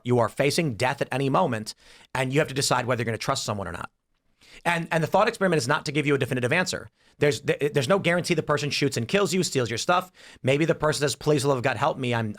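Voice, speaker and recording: A man's voice: medium pitch, a bit bright. A man hosting a casual panel debate, talking animatedly and acting out quoted voices as he lays out a scenario. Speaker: podcast host.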